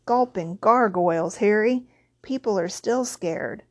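A woman voicing Hagrid, a huge gruff male gamekeeper who talks in a rough dialect with dropped word endings. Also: medium pitch, unhurried, no room sound. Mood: anxious.

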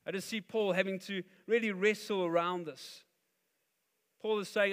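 Delivering a sermon, a pastor with a high voice speaks at a moderate pace, animatedly acting out the voices he quotes. The tone is clean, with long reverb from a large hall.

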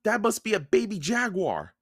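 A man voicing a cautious, worried young boy in a storybook read-aloud, in a high anxious boyish voice. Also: wildly swooping pitch, normal speed, a bit bright, no echo, studio quality, full character voice.

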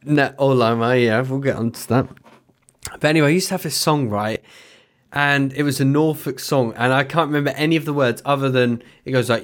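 A man's voice: mid-range voice, a little fast. A man co-hosting a podcast, rambling and joking in casual banter, swearing freely and speeding up in bursts. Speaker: podcast co-host.

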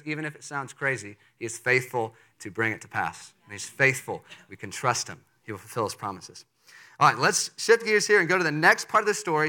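A young man preaching a sermon in a lively, conversational way, reading scripture and acting out the people in the story with playful voices. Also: on the high side. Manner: animated and conversational, jumps into playful voices for quoted figures. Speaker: pastor.

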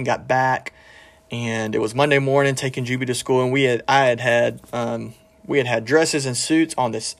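A man's voice: mid-range voice, creaky. A middle-aged man preaching a podcast sermon and telling a personal story, earnest, with fillers and restarts. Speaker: pastor.

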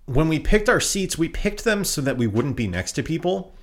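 A man's voice: a little high, normal speed. A man co-hosting a podcast, telling a story in casual chat with lots of swearing. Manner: profane, animated storytelling. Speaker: podcast co-host.

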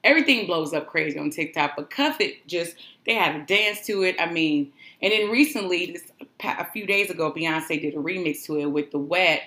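A woman's voice: fairly low pitch, normal speed, sharp tone, roomy sound. A woman hosting a solo podcast, chatting in a gushing, rambling way. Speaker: podcast host.

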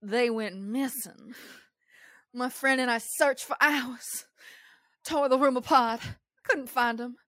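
A woman voicing a genteel Southern belle telling a ghost story in a put-on Southern US accent, in a slow, drawn-out way. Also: on the high side, a bit bright, no echo, clean studio sound. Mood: spooky drawl.

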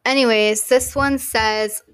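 A woman's voice: on the high side, fairly even intonation, slow, fairly bright tone, clean tone. A tipsy woman co-hosting a podcast, giggling as she reads trivia aloud in casual chat. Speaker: podcast co-host.

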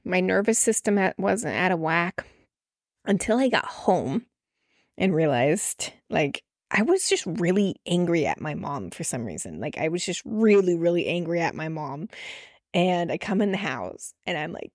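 A woman in her late twenties telling a personal story in a casual podcast monologue, animated and full of "like" fillers, acting out the voices of people she quotes. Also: fairly low pitch, moderate pace, no echo, clean studio sound. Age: late 20s. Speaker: podcast host.

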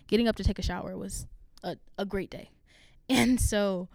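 A woman's voice: mid-range voice, fairly even intonation, gravelly, darkish tone, no echo, studio quality. A young woman, a college student, talking candidly and frankly about hard personal experiences, swearing freely. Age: young adult. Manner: open and frank, swears freely, fast asides.

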